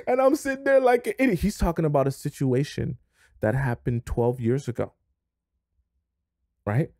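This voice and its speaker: A man's voice: a little high, normal speed, a little mellow, dry recording, studio quality. A man delivering dating advice straight to camera in an emphatic, lecturing rant full of repetition.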